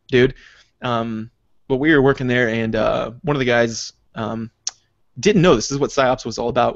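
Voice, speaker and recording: Fast-talking profane man telling stories. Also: medium pitch, no echo, highs cut off. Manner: rambling, profane, laughs through his stories. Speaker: podcast co-host, army veteran. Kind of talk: casual podcast storytelling.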